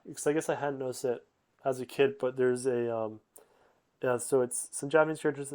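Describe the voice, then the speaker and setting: A man's voice: medium pitch, fairly even intonation, normal speed, a little mellow. A young man giving a rambling, sleep-aid summary full of fillers and self-corrections. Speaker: host.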